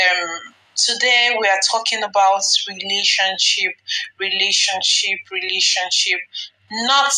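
Woman host, bright and forceful tone, rambling friendly chat, roomy echo. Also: mid-range voice. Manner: chatty, rambling with fillers and laughs. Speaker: radio-style show host. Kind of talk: casual talk show monologue.

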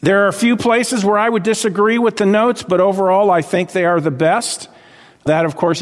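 An emphatic male preacher with a high voice delivers a sermon, pausing to ask his congregation questions. His words carry a long reverb from a church hall. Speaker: pastor.

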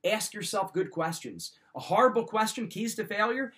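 A man's voice: sits high, sing-song, moderate pace, a bit bright. A man hosting a show, giving motivational advice in an emphatic, direct way and repeating his points. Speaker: podcast host. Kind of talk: motivational talk.

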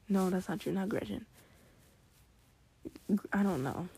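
A woman chatting excitedly in a hushed, whispery late-night ramble at home, trying not to be heard. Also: medium pitch, measured pace, gravelly, slight background noise. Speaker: podcast host.

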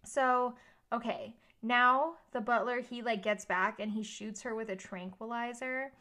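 A woman's voice: on the high side, fairly even intonation, a little slow, bright, forceful tone. A woman co-hosting a podcast, recapping a film in a rambling, casual way, full of "like" and "um" and swearing freely. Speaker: podcast co-host. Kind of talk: casual movie recap chat.

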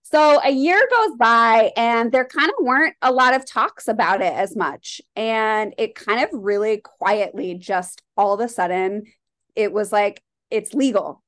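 A woman's voice: fairly high pitch, animated, unhurried, a bit bright. A woman from Colorado, a shop owner and artist, talking candidly in a casual interview, rambling with lots of "like". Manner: rambling, heavy use of "like", candid.

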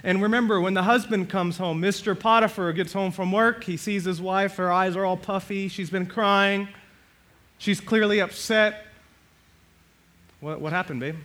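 A male pastor preaching a sermon, animated, swinging between loud and soft and acting out the quotes. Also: sits high, moderate pace.

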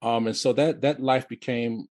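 Telling his life story as an interview guest, a fiftysomething man from Detroit keeps repeating and restarting words. His mid-range voice is steady in tone and a little mellow, recorded without room sound.

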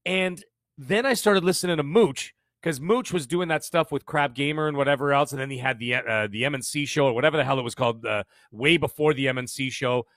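A man's voice: medium pitch, no room sound, clean studio sound. A man in his fifties with a Canadian accent, telling stories energetically as a podcast guest. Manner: fast, energetic storytelling with frequent restarts. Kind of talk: casual interview chat.

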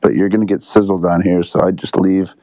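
Deep, flat-voiced man mocking loudly. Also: fairly quick, no echo. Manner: loud, mockingly calm put-downs. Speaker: chat participant.

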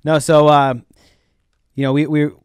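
A man from Arizona, co-hosting a casual chat and telling stories in an animated way. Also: on the high side, a little slow, clear, resonant tone, no room sound, studio quality. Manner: chatty, animated storyteller. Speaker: podcast co-host.

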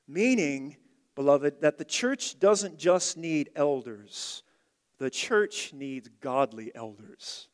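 A man preaching an expository sermon, emphatic, repeating key phrases and swinging from loud to hushed. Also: fairly high pitch, lively intonation, takes it slowly, long reverb tail. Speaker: pastor.

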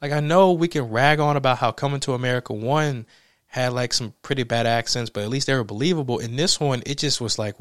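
A man's voice: medium pitch, a little fast, dry recording, clean studio sound. A man giving a casual, profane film review rant, exasperated and laughing often. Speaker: movie reviewer.

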